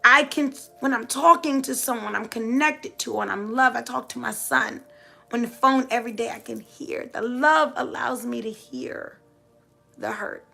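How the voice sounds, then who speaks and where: High, gravelly-voiced woman preaching about love. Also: moderate pace, bright, forceful tone, soft background music. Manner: emphatic, preacher-like repetition. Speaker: motivational speaker. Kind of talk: heartfelt motivational talk to live viewers.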